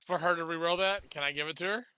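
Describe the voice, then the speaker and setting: A man's voice: a little high, fast, pushed and bright, a little hiss or hum, rough recording. A man playing in a tabletop game, talking in an easygoing, joking way. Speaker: player. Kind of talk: casual tabletop game chat.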